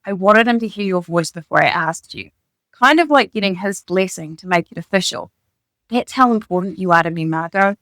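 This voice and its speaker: A woman reading the part of an excitable young man who proposes, speaking in an earnest, gushing rush. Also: fairly low pitch, no room sound. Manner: earnest, gushing, rapid declarations.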